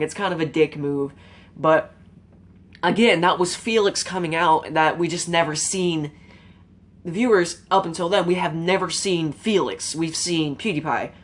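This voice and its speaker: A woman giving an earnest, rambling opinion monologue to her viewers, casual and emotional, with fillers and some swearing. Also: lowish voice. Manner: rambling, informal, with frequent fillers and mild swearing. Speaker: YouTube commentator.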